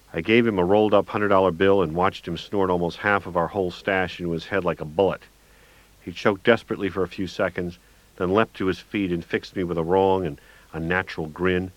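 Audiobook narrator, man, very low voice, wry and gritty, dry dull recording. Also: a little fast, fairly bright tone, no echo.

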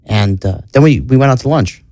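A man from New York chats as a podcast guest and tells long stories. His voice sits at a middle pitch, recorded close and dry. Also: expressive, brisk, a little mellow, no room sound. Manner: chatty, tells long anecdotes. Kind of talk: casual interview storytelling.

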